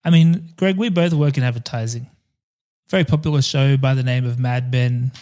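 A man's voice: mid-range voice, moderate pace, noisy background. A man co-hosting a podcast, chatty and jokey, swearing and laughing often. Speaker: podcast co-host. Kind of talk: casual chat.

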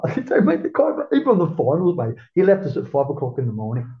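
A middle-aged Australian man with a gravelly, creaky voice tells a long, swearing-laden story. He rambles and acts out quotes in a roomy space, and the recording sounds dull and lo-fi. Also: fairly high pitch, sing-song, fast talker, few pauses. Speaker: guest, former surfer. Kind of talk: casual storytelling.

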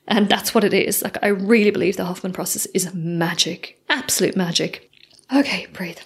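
A woman's voice: medium pitch, normal speed, breathy edge. A woman hosting a solo podcast, speaking candidly and effusively and swearing casually. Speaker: podcast host.

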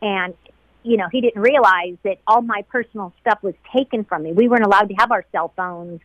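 A middle-aged woman, a flight attendant, recalling events in an emotional interview, heartfelt and quoting others in lively voices. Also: medium pitch, brisk, no room sound, highs cut off.

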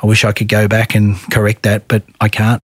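An Australian man in middle age recounts his past in a podcast interview. His voice sits low and his delivery is earnest and measured. The recording is dry and close, with no room sound. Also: completely flat delivery, slightly rough, no echo. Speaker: guest.

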